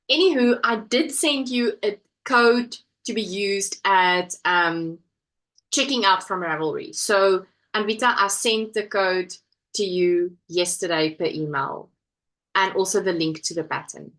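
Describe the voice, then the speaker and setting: A woman's voice: medium pitch, normal speed, fairly bright tone, poor audio. A woman hosting a casual crafting live stream from home, chatting and reading viewer comments aloud. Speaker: livestream host.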